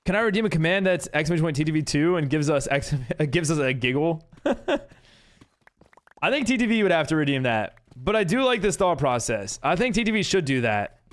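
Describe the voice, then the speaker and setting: Fairly quick and sing-song, this man's voice sits on the high side. During a live game stream he chats loosely with his audience, reading their messages aloud, rambling, and giggling a lot.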